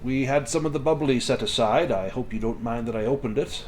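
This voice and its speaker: A man's voice: medium pitch, a little fast, slight background noise, close to an everyday voice. A man voicing a young, muscular male butler with a formal, deferential manner.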